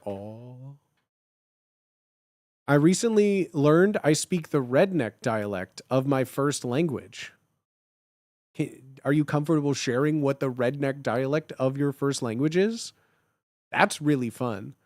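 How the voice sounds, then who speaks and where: A man's voice: medium pitch, measured pace, no room sound, clean studio sound. A young man in his twenties chatting casually and jokingly on a live stream, reading and answering chat. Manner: animated, jokey, slangy.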